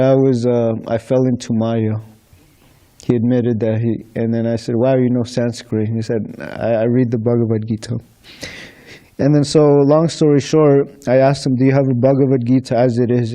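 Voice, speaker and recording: A man's voice: mid-range voice, dark tone. A man telling anecdotes to a congregation about handing out books, acting out the conversations and chuckling between stories. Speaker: book distributor sharing experiences. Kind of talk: casual anecdotal storytelling to a congregation.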